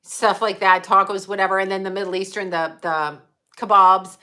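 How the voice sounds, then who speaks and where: A middle-aged woman with a bright, forceful voice, rambling casually to her livestream audience. She is blunt and emphatic and swears without a second thought, like a psychic medium speaking her mind. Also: mid-range voice, fairly even intonation, moderate pace.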